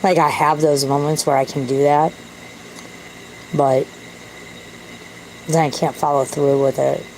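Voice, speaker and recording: A woman's voice: low voice, little pitch movement, unhurried, pauses often, darkish tone, slight background noise, poor audio. A woman talking to camera in a candid, self-deprecating, rambling way. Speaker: vlogger. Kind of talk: casual rambling monologue.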